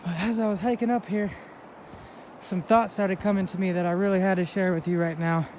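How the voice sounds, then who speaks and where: Man, high voice, heartfelt spiritual vlog, a bit winded from hiking, faint outdoor noise behind. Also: fairly even intonation, fairly quick, darkish tone. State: a little out of breath. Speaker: vlogger. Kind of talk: inspirational vlog talk. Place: outdoors on a snowy mountain.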